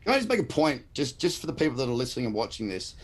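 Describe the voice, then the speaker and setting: A man's voice: mid-range voice, sing-song, very fast, slight background noise. An Australian man talking bluntly and passionately as a guest trader in a livestream interview.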